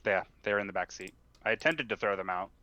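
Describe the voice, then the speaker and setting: Low, bright-voiced man playing a tabletop game. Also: expressive, quick pace, highs cut off. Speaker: player. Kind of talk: tabletop role-play talk.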